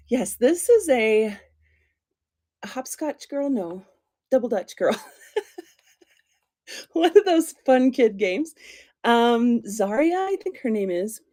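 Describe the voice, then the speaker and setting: Slow, mellow-voiced woman chatting on stream. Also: on the high side. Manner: chatty, giggly, rambling with fillers. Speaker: doll channel host. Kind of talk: casual live-stream chat. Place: home room, seated on a chair. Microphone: tablet on a stand.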